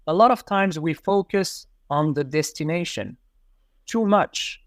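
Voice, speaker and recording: A man's voice: high voice, expressive, normal speed, no room sound, clean studio sound. A man, a language educator answering interview questions in a reflective way, repeating key phrases for emphasis. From Morocco. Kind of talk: casual interview conversation.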